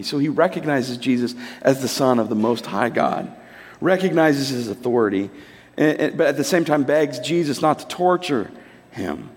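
A man in his thirties preaching a sermon in a conversational, animated storytelling way. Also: mid-range voice, normal speed, slightly rough. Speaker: pastor. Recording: long hall reverb.

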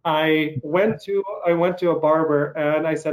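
A man in his forties from eastern Ukraine, with a slight Russian accent, hosting an interview and telling stories in an unhurried way with many pauses. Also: on the high side, fairly even intonation, low-quality recording. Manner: unhurried storytelling with frequent pauses and fillers. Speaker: podcast host. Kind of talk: casual interview chat.

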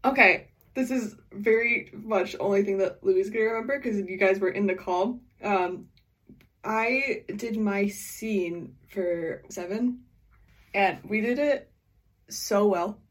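A woman's voice: mid-range voice, measured pace. A woman, a voice actor, telling a funny recording story in a casual, teasing way. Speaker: voice actor in cast Q&A. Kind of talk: casual chat.

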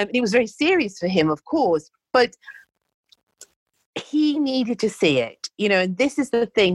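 A woman, a life coach and healer telling stories in conversation, animated and acting out dialogue. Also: lowish voice, no room sound. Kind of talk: conversational storytelling.

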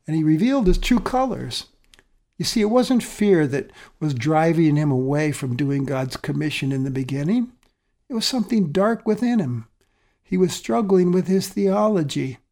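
Man, pastor, sermon, earnest, somewhat high voice, loud emphasis then soft phrases.

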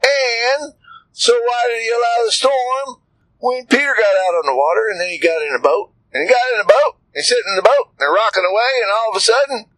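A man giving an informal devotional talk in a folksy, animated way, asking many rhetorical questions. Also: very high-pitched, brisk, dry recording, low-quality recording.

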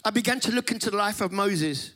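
High-pitched, impassioned male preacher. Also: fast. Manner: impassioned, shouting and half-singing phrases. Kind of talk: sermon. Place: conference hall.

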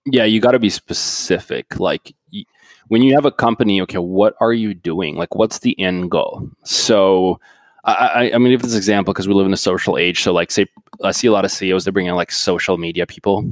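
A man's voice: sits low, fairly quick, dry recording. A man, a company founder, talking casually as a podcast guest, telling blunt, profane stories with frequent restarts.

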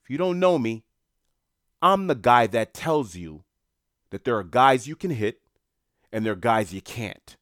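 A man voicing a menacing male Boston mob enforcer with a Boston accent, loud and laying down the law. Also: medium pitch, lively intonation, measured pace, pauses often, no room sound, studio quality. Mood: threatening.

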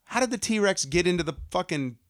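A man in casual chat, retelling a film with animated, profane mockery and laughter. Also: high-pitched, brisk.

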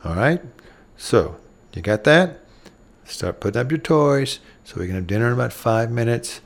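A man's voice: medium pitch, animated, normal speed, vocal fry. A middle-aged man hosting a parenting show, giving earnest advice and acting out what a parent should say to a child. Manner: earnest, acts out gentle parent lines to children. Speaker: parenting podcast host. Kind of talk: instructive talk.

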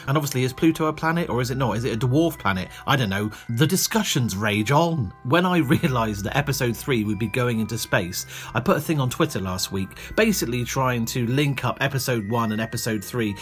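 A male comedian hosts his podcast in a loose, chatty monologue. His voice sits at an ordinary middle pitch for a man. He teases himself often and keeps the tone light and playful. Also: a bit bright. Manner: chatty, playful, self-mocking.

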